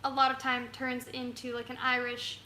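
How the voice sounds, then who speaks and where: A woman's voice: sits high, monotone, normal speed, pushed and bright, echoey room. A young woman co-hosting a casual live stream from her couch at home, chatty, laughing often and reading out viewer comments. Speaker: co-host of a travel channel live stream.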